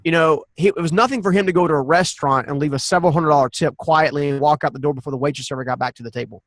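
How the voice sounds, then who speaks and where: A man in his forties, a podcast guest, telling a personal story in an animated, earnest way and often restarting his sentences. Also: fairly high pitch, racing, no echo. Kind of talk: personal storytelling in a conversational interview.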